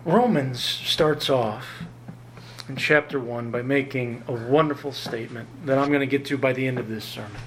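A man preaching a sermon, emphatic and lively, often jumping up in pitch to drive home a point. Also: moderate pace, a little hiss or hum. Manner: emphatic, rises sharply in pitch to stress points. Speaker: pastor.

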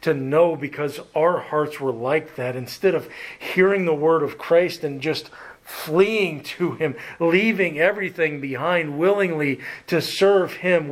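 Slow, deliberate male preacher. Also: on the high side. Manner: slow, deliberate preaching that trails off softly at phrase ends; asks the listeners direct questions. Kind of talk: sermon.

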